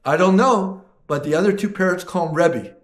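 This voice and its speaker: A man voicing a pet store owner who calmly names high prices for parrots while telling a joke. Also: normal speed, lightly acted. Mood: matter-of-fact. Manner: matter-of-fact salesman telling a joke.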